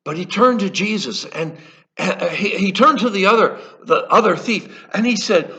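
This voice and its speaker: Man preaching a story at church, high lively voice, slow and halting. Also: muffled recording. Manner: earnest, halting, with frequent restarts. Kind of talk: sermon storytelling.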